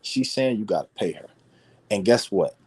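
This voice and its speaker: A man's voice: fairly low pitch, animated, normal speed, a little mellow, breathy edge. A man playing a stern male police officer who bluntly threatens and demands money, speaking in slang. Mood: stern threatening.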